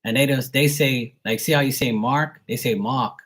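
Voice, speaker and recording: A man's voice: medium pitch, fairly even intonation, normal speed, fairly bright tone. A young man from Bermuda with a mild Bermudian accent, chatting casually on a livestream, rambling with fillers and repeated words. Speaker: live tarot reader.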